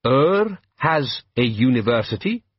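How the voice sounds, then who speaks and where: A man voicing a cool, dry-witted ruler in disguise who speaks deadpan. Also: mid-range voice, measured pace, breathy edge, no echo, highs cut off.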